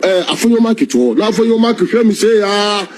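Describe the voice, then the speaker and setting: Husky, lively high-voiced Ghanaian man. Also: fast talker. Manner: animated, acts out phone calls with quoted voices. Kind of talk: animated storytelling commentary.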